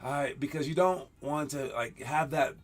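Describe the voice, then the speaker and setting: A man hosting a basketball show, talking casually over game clips and coaching young players in an animated, rambling way with frequent laughs. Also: on the high side, normal speed, soft background music.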